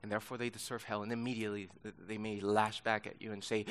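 A man's voice: on the low side, fast talker, few pauses, a bit bright. A man teaching a sermon-style Bible lesson to young people, emphatic and insistent, repeating key words for force.

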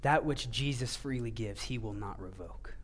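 A male pastor preaching a sermon, earnest, rising to emphatic passages and dropping to hushed low ones. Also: normal speed.

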